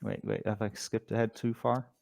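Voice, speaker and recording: Hesitant Irish male co-host, dry close mic, mid-pitched. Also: little pitch movement, moderate pace, creaky, darkish tone, no echo. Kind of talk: casual comedic chat.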